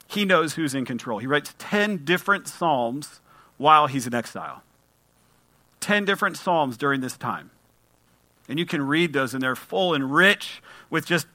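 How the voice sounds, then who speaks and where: A man's voice: fairly high pitch, pushed and bright, dry recording. A man preaching a sermon, speaking conversationally and reading scripture aloud with emphasis. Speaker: pastor.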